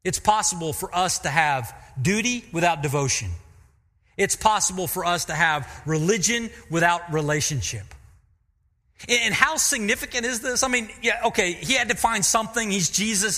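A man's voice: high-pitched, sharp tone, big-room sound. A man preaching a sermon as pastor in a church, speaking emphatically, asking rhetorical questions and repeating key phrases. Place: church sanctuary.

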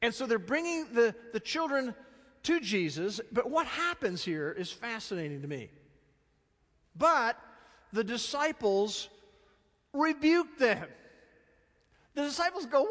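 A middle-aged man preaching a sermon, animated and storytelling, dropping to soft, slow stresses. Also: extremely high pitch. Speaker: pastor. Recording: long reverb of a large hall.

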